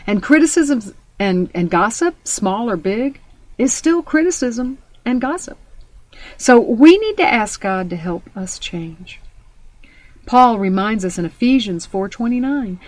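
A woman's voice: on the high side, lively intonation, a little slow, dry recording. A woman preaching a sermon, telling personal stories in a conversational way and quoting scripture. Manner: storytelling, conversational with scripture quotes.

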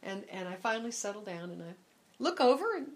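An older woman telling a personal testimony in an animated, dramatic way, acting out scenes and repeating herself for emphasis. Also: mid-range voice, fairly quick. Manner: animated, dramatic retelling with many repeats and quoted voices. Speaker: speaker sharing a personal testimony. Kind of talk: personal storytelling.

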